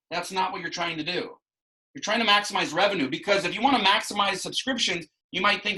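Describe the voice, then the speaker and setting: In a low-quality recording, a man's high, sharp voice moves at a quick pace as he teaches a math class. His explanations are rambling, full of restarts and asides.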